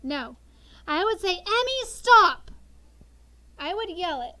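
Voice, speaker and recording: Drawing call-and-response replies from her sixth graders, this animated teacher in her thirties uses an extremely high pitch and a moderate pace.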